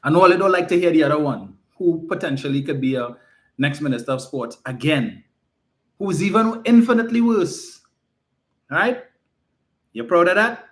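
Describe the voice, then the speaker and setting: A man's voice: fairly high pitch, animated, moderate pace, long pauses, a bit bright. A man giving an emphatic, mocking political campaign speech full of rhetorical questions.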